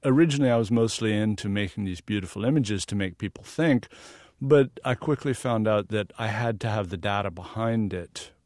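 A man from the American South with a fairly low voice, speaking as a guest in a radio interview. He explains his work earnestly and laughs easily. The sound is dry and close, with no room echo. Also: brisk, hardly any pauses, darkish tone. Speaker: guest photographer.

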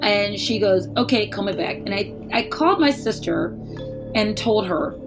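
A woman's voice: mid-range voice, lively intonation, normal speed, over music. A woman telling a personal story in casual speech, candid and wry, swearing and acting out what people said.

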